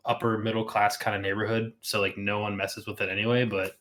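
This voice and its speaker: A man's voice: lowish voice, level tone, fairly quick, fairly bright tone. A man co-hosting a casual streamed chat, laid-back and rambling with many fillers. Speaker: podcast co-host.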